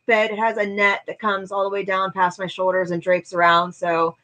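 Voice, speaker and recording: A woman co-hosting a live stream, chatting casually and playfully. Her voice is bright and sharp, at an ordinary pitch for a woman. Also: flat delivery, normal speed, low-quality recording. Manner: chatty, playful, with frequent fillers. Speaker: co-host of a live stream show. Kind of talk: casual chat.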